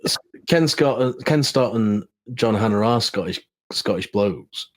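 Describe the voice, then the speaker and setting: A man co-hosting a podcast in a casual film discussion, thoughtful and measured, explaining his views in long trailing phrases. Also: on the low side, lively intonation.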